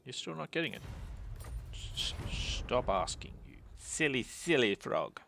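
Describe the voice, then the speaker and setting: Brief: man doing a jeering mock-Russian voice, raised pitch, gravelly edge. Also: sing-song, measured pace, fairly bright tone, slight background noise, full character voice. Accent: put-on vaguely Russian. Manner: mocking, scolding.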